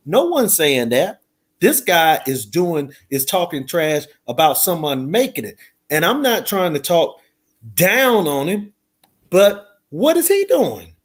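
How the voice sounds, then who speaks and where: A middle-aged man makes his point earnestly in a relaxed conversation. His voice sits a touch higher than most men's, and he keeps returning to "you know" and "man". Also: a little slow. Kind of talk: casual talk show discussion.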